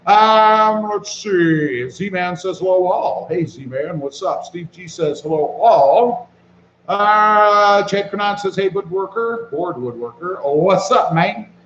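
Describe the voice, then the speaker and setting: A man hosting a casual live stream, reading viewer comments aloud and greeting people by name in a relaxed way while he walks around with his phone. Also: sits high, slow pace, roomy sound, highs cut off, slight background noise. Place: walking around outdoors.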